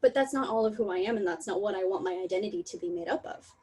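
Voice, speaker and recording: A young woman giving a candid, emotional online talk over a video call, laughing often and apologizing in quick asides. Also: mid-range voice, darkish tone, husky, poor audio. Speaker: talk presenter.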